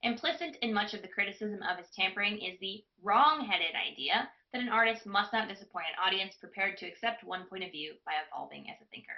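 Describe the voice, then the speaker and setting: A woman's voice: medium pitch, lively intonation, fast talker, few pauses, highs cut off. A woman tutor reading a passage aloud in a live online class and stopping to put questions to her students. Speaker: test prep tutor.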